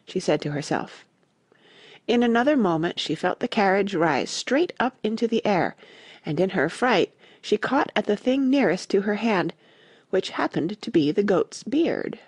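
A woman reading a classic storybook aloud as an audiobook narrator, expressive and animated. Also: mid-range voice, normal speed, husky, no echo.

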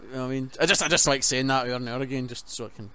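A man's voice: medium pitch, racing, sharp tone. A man co-hosting a podcast, with blunt, sweary banter. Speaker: podcast co-host. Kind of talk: casual chat.

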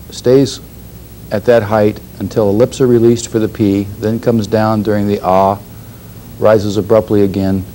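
A man teaching a class, explaining a lab demonstration in a measured way, pausing and clearing his throat now and then. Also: on the low side, dark tone, slight background noise, poor audio. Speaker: instructor.

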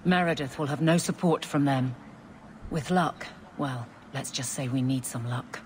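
A stern, low-voiced guard captain. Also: female voice, a little slow, slight background noise. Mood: grim. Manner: blunt, no-nonsense.

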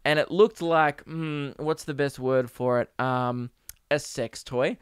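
A man's voice: mid-range voice, slow, clean tone, dry recording, studio quality. A young man hosting a podcast, rambling through crude comedic stories with lots of ums and uhs. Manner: rambling, crude and deadpan with many fillers. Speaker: podcast host. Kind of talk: casual comedic monologue.

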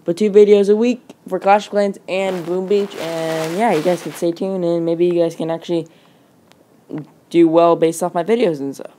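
A woman giving casual, rambling commentary over mobile game footage. She talks quickly and fills her speech with "like" and "um". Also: lowish voice, steady tone, dark tone. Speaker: gaming channel host. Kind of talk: gameplay commentary.

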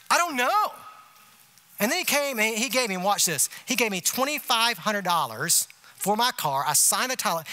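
A male pastor, preaching a conversational sermon full of rhetorical asides like "you see what I'm saying?". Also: high-pitched. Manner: animated, emphatic delivery. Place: church sanctuary.

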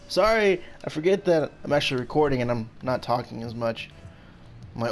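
Male gaming host, gravelly voice, lively pitch swings, excitable play-by-play chatter. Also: moderate pace, faint music behind. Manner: excitable, blurts out reactions and short shouts; talks to his opponent and himself. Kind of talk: casual gameplay commentary.

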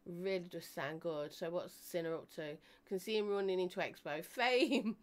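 A woman's voice: on the low side, normal speed. A woman hosting a live stream, chatting casually with her viewers, laughing often and joking as she reads out their comments.

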